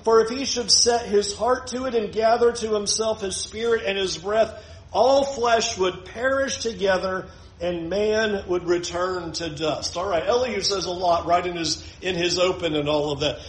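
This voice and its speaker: Man, preacher, expository sermon, emphatic repetition, high voice, reverberant room. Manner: earnest, emphatic repetition with slowed phrases.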